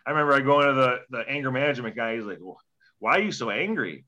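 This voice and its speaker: A man's voice: mid-range voice, animated, fast talker, sharp tone, lo-fi sound. A young man, a former hockey player, telling a story in a casual interview, profane and rambling, acting out quoted dialogue.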